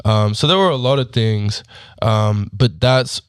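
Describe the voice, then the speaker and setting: A young man in his twenties with an Australian accent, gone slightly American, telling stories in a relaxed, casual way as a podcast guest, full of fillers and easy laughs. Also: on the low side, a little slow, clear, resonant tone, no echo, clean studio sound. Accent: Australian, partly Americanized. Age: 20s. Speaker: guest athlete.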